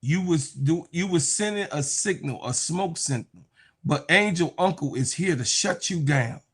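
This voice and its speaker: A man's voice: fairly high pitch, animated, unhurried, slightly rough. A man giving casual, slangy reaction commentary on sports, mocking and acting out quotes as he talks.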